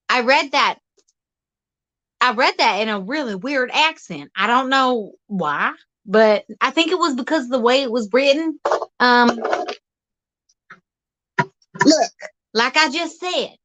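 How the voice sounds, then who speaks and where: A woman's voice: sits high, lively intonation, measured pace, long pauses, a bit bright. A woman hosting an outdoor vlog, rambling in a folksy, teasing comic monologue. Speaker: vlog host.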